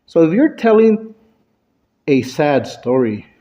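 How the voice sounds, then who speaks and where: A man delivering a prepared club speech, playing with his pitch and loudness for effect. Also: very animated, takes it slowly, lo-fi sound. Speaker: Toastmasters club speaker. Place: club meeting room.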